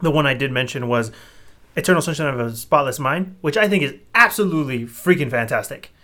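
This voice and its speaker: A man's voice: medium pitch, lively intonation, brisk, sharp tone. A young man co-hosting a podcast, talking in a rambling, opinionated way full of "like" fillers. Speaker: podcast co-host. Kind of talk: casual chat.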